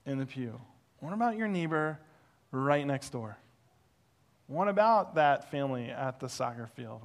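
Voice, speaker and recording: A male pastor preaching through a personal story, animated and self-deprecating, acting out the voices he quotes. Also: mid-range voice, measured pace. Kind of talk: sermon storytelling.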